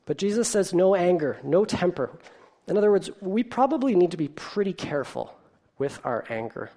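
Animated pastor preaching a sermon. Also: mid-range voice, brisk. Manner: animated storytelling with rhetorical questions and filler ums.

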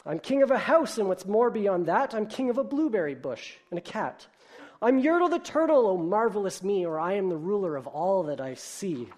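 Man doing a turtle king, bragging, bellowing, pitched up high, lively swings. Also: moderate pace. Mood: boastful. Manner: loud, lofty, commanding. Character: boastful greedy male turtle king.

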